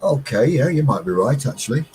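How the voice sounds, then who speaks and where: A man's voice: mid-range voice, very animated, a little fast, a little mellow, slight background noise, poor audio. A man, co-hosting a casual live chat and laughing often. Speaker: livestream co-host.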